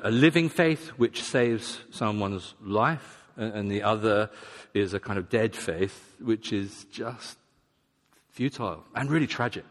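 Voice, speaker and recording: A man's voice: lowish voice, a bit bright. A man preaching a sermon in a conversational, self-deprecating way, sometimes acting out the voices of imagined people. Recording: long hall reverb.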